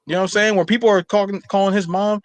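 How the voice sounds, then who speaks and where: Animated young man, close dry mic. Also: high-pitched, very fast, dry recording. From Nigerian household. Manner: animated, rambling with many fillers. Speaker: podcast co-host. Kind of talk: casual chat.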